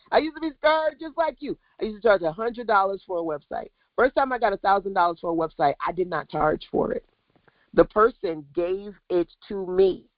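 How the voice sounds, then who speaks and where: A woman business coach on a livestream, talking in an animated, preachy way straight to her viewers. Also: fairly low pitch, no room sound, lo-fi sound.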